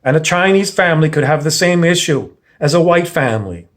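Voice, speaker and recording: A man's voice: on the high side, lively intonation, brisk. A man giving a blunt, profane, lecturing monologue in a confrontational style. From Canada. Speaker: self-help speaker.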